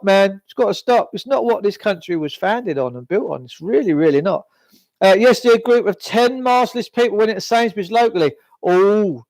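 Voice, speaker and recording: A man's voice: high-pitched, darkish tone, no room sound. A man hosting a live stream, talking bluntly and ranting in a rambling, sweary way. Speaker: livestream host.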